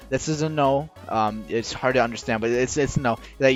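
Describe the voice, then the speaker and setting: A man rambling through a casual explainer while drawing, halting with many restarts and rushing against a timer. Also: mid-range voice. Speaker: video creator explaining game lore. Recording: dull lo-fi recording with faint music.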